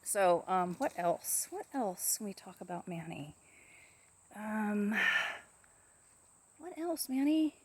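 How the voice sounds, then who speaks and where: A woman casually talking to camera about her pet parrot, rambling softly with many fillers and restarts. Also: medium pitch, slow pace, breathy edge.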